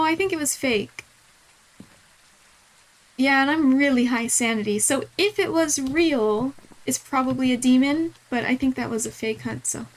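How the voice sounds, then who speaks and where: A woman's voice: high voice, rough recording. A woman streaming a game live, talking to herself and repeating the same questions aloud, easily startled into swearing.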